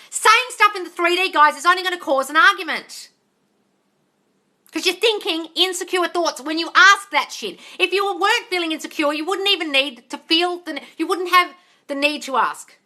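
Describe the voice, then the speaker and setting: A woman's voice: sits high, pushed and bright. A woman hosting a live manifesting Q&A, reading viewer comments and answering bluntly with lots of swearing, calling people darling. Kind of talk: casual live-stream chat reading comments.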